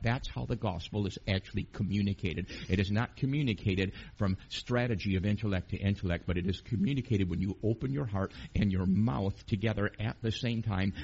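Man, preacher, husky low voice, emphatic sermon, dull lo-fi sound. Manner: emphatic, rising to loud peaks with questions to the congregation.

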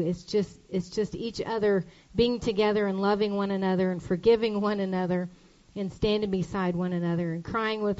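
A woman's voice: medium pitch, a little mellow, dull audio. A middle-aged woman pastor giving an emotional, grateful speech from the church stage, repeating her thanks.

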